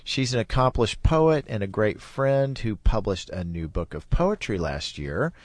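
A middle-aged man with a somewhat low voice, telling a long story in a relaxed and chatty way. He laughs easily as he talks. The sound is dry and close, with no room echo. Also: unhurried. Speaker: podcast host. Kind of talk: casual storytelling.

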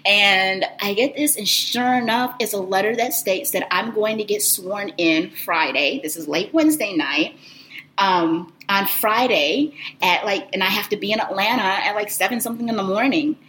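A woman telling a personal story in an animated, expressive, conversational way. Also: medium pitch, moderate pace, a little hiss or hum, low-quality recording.

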